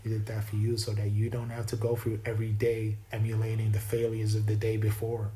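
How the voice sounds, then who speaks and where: A man with a lowish, monotone voice talks a little fast, his tone warm, over poor audio carrying a slight hiss or hum. He describes his own East Coast American accent as imperfect and wanders through a reflective spiritual monologue, often stopping to restart his sentences.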